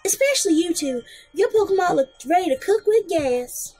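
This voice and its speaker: A woman's voice: very high voice, lively intonation, normal speed, a little mellow, pitched above the performer's own voice. A woman doing a sugary Southern belle girl. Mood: sweet. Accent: put-on Southern US drawl. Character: sweet young country girl with a Southern drawl.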